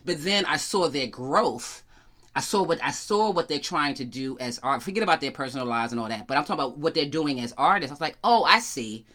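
A middle-aged New Yorker, talking loosely and profanely in casual chat. The voice is bright and forceful at an ordinary pitch, and the speaker laughs often. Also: lively intonation, brisk. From New York.

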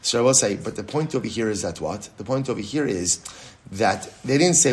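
A middle-aged man, a rabbi, teaching a lively Talmud class, asking and answering his own questions and repeating key phrases. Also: fairly low pitch, a little fast.

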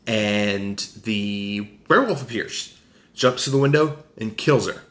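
A man with a Southern US accent recapping a film in casual podcast chat, animated and jokey. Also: lowish voice, measured pace. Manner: animated, jokey, acts out quotes. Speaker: podcast co-host.

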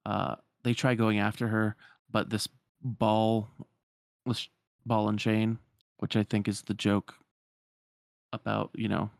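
Low-voiced man retelling a game story. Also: little pitch movement, slow pace, vocal fry, pauses often, no echo, clean studio sound. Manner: rambling with fillers, acts out the dialogue.

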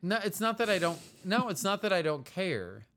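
An American man co-hosts a casual podcast with his partner, his voice high-pitched, very animated and fairly bright at a normal speed. He rambles and meanders, trailing off often as he talks.

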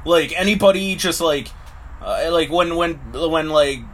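A man's voice: on the high side, measured pace, fairly bright tone. A man talking casually to camera in a rambling way, full of fillers, acting out little voices as he goes. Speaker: vlogger.

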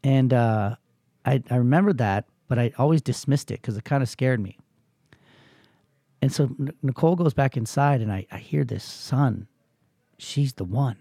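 A man's voice: mid-range voice, moderate pace, mellow, no echo, clean studio sound. Earnest man telling a personal story. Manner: earnest, emphatic, swears freely; rallying, motivational push to listeners. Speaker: podcast host.

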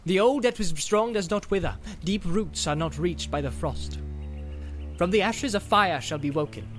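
A man's voice: high voice, normal speed, faint music behind, pitched above the performer's own voice. A man voicing an elderly male hobbit who recites a poem and then whispers asides. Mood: defiant. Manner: lively, raised, half-whispered asides. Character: fussy elderly male hobbit, proud poet.

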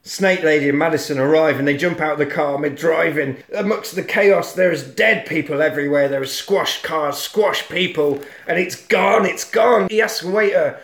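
Speaking from an echoey room, this man has a voice on the high side and talks at normal speed with few pauses. He's an animated storyteller recapping a monster film on a podcast, casually acting out lines and sound effects and swearing a lot.

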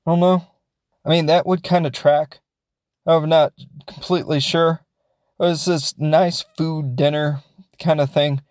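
A man's voice: a little high, steady tone, a little slow, long pauses, a little mellow, no echo, studio quality. A man casually recapping a film as a reviewer, rambling and joking and acting out the characters. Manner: rambling, jokey, acts out characters.

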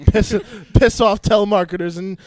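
A man's voice: sits high, fairly even intonation, normal speed, crowd noise. A man chiming in with jokes during a casual chat on a live show. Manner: jokey, chiming in.

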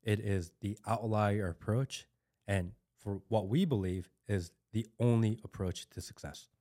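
Blunt, low-voiced man. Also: a little slow, mellow. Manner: emphatic and blunt, repeats key words for force. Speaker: podcast guest, father of an infant. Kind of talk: casual podcast conversation.

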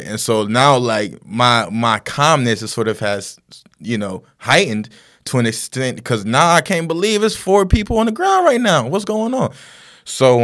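A man's voice: medium pitch, a bit bright. A man talking as a guest, telling a story in a rambling casual way with lots of fillers and tag questions.

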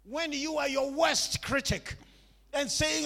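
High, gravelly preacher man in a hall. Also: measured pace, sharp tone. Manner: emphatic, repetitive preaching with call-and-response. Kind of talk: sermon.

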